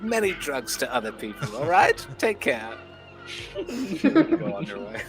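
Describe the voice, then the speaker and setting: A man's voice: a little high, very animated, normal speed, music in the background. Man playing a prim, genteel lady adventurer. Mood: polite. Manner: genteel, lecturing. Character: prim, polite female adventurer. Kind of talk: tabletop role-play.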